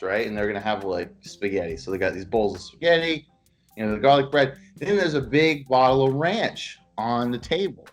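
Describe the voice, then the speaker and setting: Joking male sports podcast host. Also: medium pitch. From Los Angeles, California. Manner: joking storyteller, lively swings in loudness. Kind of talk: casual sports podcast chat.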